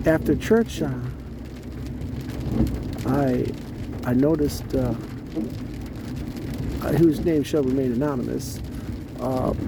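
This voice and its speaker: A man's voice: on the high side, noisy background. A man telling a rambling, profane personal story in a casual vlog, full of fillers and restarts.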